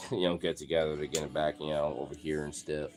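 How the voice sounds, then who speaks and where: A man's voice: a bass voice, little pitch movement, moderate pace, music in the background. A young man chatting casually on a live stream, rambling with lots of fillers, frequent swearing and laughter.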